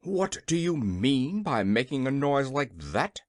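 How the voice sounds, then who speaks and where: A small, blustering gnome king who growls and roars but startles easily, as voiced by the audiobook reader. His delivery is lively and full of swings, and the recording sounds dry and close. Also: mid-range voice, unhurried, dry recording. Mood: alarmed angry.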